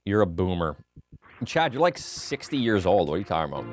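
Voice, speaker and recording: Deep-voiced man chatting on a stream. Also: very animated, a little fast. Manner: joking, offhand, answers chat between game moments. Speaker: speedrun streamer. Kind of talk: casual live-stream chat. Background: game music.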